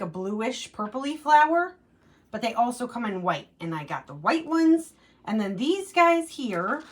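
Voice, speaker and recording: A woman hosting a casual gardening vlog, chatting upbeat about her seedlings indoors, with lots of "um" and "like". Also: a little high. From United States. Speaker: gardening channel host. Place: indoors at a window plant rack.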